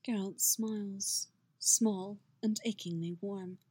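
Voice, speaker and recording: A woman reading fan fiction aloud in a soft, gentle, unhurried way. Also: medium pitch, fairly even intonation, slightly rough, no room sound. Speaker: narrator.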